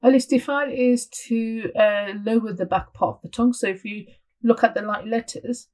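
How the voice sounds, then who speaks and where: Woman teaching how to say letters, calm patient explaining, repeats sounds out loud. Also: a little high, moderate pace, low-quality recording. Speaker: Tajweed teacher trainer. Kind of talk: instructional lesson.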